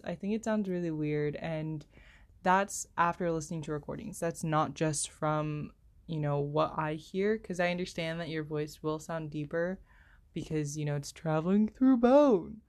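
Young woman, somewhat low voice, slow self-deprecating solo podcast ramble with constant fillers, headset mic. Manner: self-deprecating, apologetic, heavy filler words; speaks slowly, pauses to find words. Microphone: headphone microphone.

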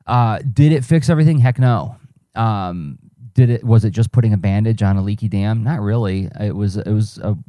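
A podcast host who is also a cartoonist and teaching artist reflects alone on mic in a mellow voice on the low side. His talk wanders and self-corrects conversationally, captured in clean studio sound without room noise.

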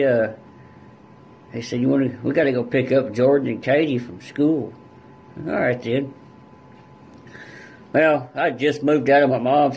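This husky, mid-range male voice comes through dull audio as he guests on a podcast. His story is told in a blunt, casual way, thick with profanity and rural dialect.

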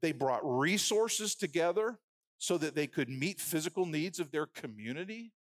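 A man preaching a sermon who builds phrases into rhythmic lists and drops from loud emphasis to a hushed, prayerful murmur. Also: a little high, expressive, moderate pace, no echo, clean studio sound.

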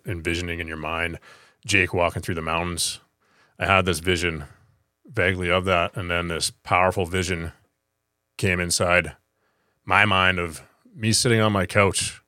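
Deep-voiced earnest podcast host. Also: male voice, sharp tone, no echo, clean studio sound. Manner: earnest, measured, personal. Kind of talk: reflective conversation.

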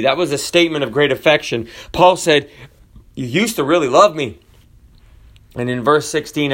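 A pastor from the United States delivers a sermon in a fairly high male voice. He reads scripture aloud and swings his pitch up sharply for emphasis, then slows down on the phrases he wants to land. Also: a bit bright. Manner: varies pitch and pace widely, rising for emphasis and slowing on key phrases.

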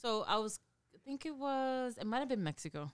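A woman's voice: fairly high pitch, brisk, clean tone. A woman from Brooklyn with a New York accent, chatting casually as a podcast co-host and acting out the people in her stories. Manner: animated storyteller, acts out voices. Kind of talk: casual chat.

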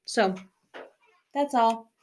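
A woman's voice: on the high side, drawn-out words, darkish tone. Chatty young woman podcast host. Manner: chatty storyteller, swears freely, laughs often. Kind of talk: casual chat.

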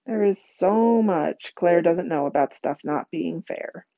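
A woman reading a novel aloud, expressive, with a lively rhythm in lists. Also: fairly low pitch, slow, creaky, no room sound, muffled recording. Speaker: reader.

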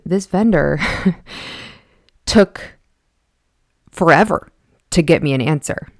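Low-voiced woman venting frankly. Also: no room sound, studio quality. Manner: frank, exasperated venting with swearing. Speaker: podcast host. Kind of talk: casual podcast monologue.

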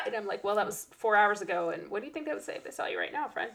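Her medium-pitched voice is gravelly and very fast as this teacher co-hosts a casual podcast. She's an animated storyteller who acts out the voices of kids.

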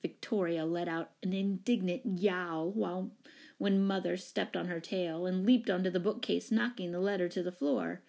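A woman narrating a children's story in a calm, even reading voice. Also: lowish voice, normal speed, creaky.

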